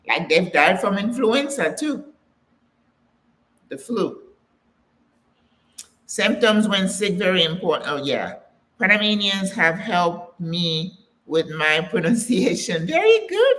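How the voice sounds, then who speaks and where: A woman's voice: deep voice, a bit bright. An older woman hosting a live Q&A, chatting casually, laughing often and greeting viewers by name. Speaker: host of a live Q&A for retiring women. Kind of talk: casual live-stream chat.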